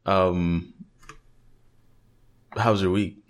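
A man hosting a podcast, chatting casually with jokes at his own expense and halting restarts. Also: low voice, steady tone. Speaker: podcast host.

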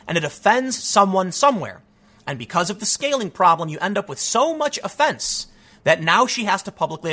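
A man hosting an online show, giving emphatic, opinionated solo commentary. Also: sits high. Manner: emphatic, animated, acts out quoted voices.

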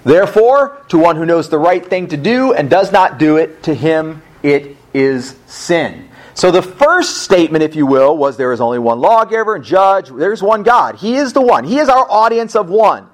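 A man's voice: on the high side, expressive, normal speed, few pauses. A male pastor preaching a sermon at a church service, emphatic, with rhetorical questions and casual asides.

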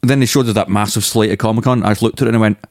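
A man co-hosting a film podcast, joking in quick casual banter. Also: on the low side, fairly even intonation, no echo, studio quality. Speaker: podcast co-host. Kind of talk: casual chat.

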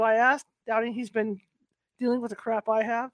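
Female reader, higher register, soft unhurried delivery, dry close recording. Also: little pitch movement, no room sound. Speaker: book reader. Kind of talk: first-person novel reading.

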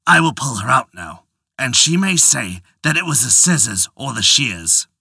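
Narrator acting a furious husband, forceful drawn-out questions, lively pitch, dry sound. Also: vocal fry, breathy edge, dry recording, full character voice. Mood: worried. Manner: slow, forceful, demanding. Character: angry exasperated husband, tailor. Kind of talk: storytelling voice acting.

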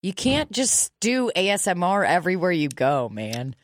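A woman's voice: on the low side, very animated, moderate pace, no echo, studio quality. A woman hosting a podcast in casual chat, crude, profane and teasing. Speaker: podcast host.

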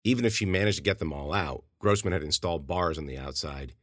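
Deep-voiced man reading a story. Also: fast talker, a bit bright, no room sound, clean studio sound. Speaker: author and podcast host. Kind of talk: scripted story narration.

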